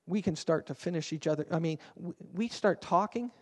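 A man in his fifties, a pastor preaching a sermon with an animated storytelling manner, swinging between quiet and loud. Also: a little high, fairly quick, long reverb tail.

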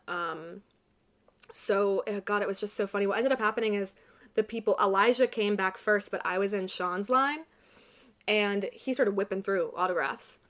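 A young woman in her twenties chatting casually, telling a lively story with quick asides. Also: medium pitch. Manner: animated storyteller, quick asides and quoted voices. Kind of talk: casual chat.

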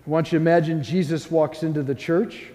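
A mellow, fairly high-voiced man preaching as a priest. He speaks earnestly and gently, with soft pauses, as he leads a guided prayer. His voice rings with a long church reverb. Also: fairly even intonation.

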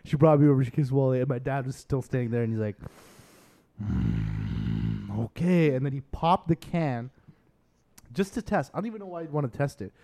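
A man's voice: mid-range voice, quick pace. A man in his twenties co-hosting a podcast, telling a family story in casual chat and acting out his parents. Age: 20s. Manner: animated storyteller, mimics his parents in exaggerated voices. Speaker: podcast co-host.

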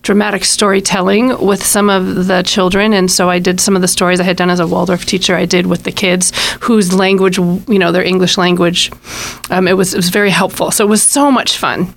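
Gentle, hesitant woman radio guest. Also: lowish voice, flat delivery, fairly quick, gravelly, hardly any pauses. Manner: warm storyteller, hesitant with many ums. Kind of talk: casual radio interview.

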